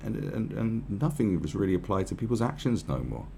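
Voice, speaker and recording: A man's voice: fairly low pitch, big pitch swings, a little fast, gravelly, dark tone, a little hiss or hum. A man giving profane, rambling, sarcastic commentary on a news article.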